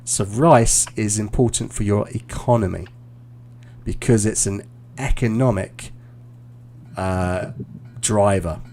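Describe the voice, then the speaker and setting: Gravelly-voiced man giving teaching feedback. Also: on the low side, takes it slowly, a little hiss or hum. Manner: relaxed, encouraging, with many fillers and restarts. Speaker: IELTS teacher and examiner. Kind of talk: live-streamed feedback after a mock speaking test.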